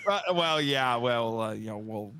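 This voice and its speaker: A man's voice: mid-range voice, expressive, unhurried, sharp tone, clear, resonant tone, dry recording. A man co-hosting a podcast, chatting casually and meandering, laughing easily. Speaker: podcast co-host.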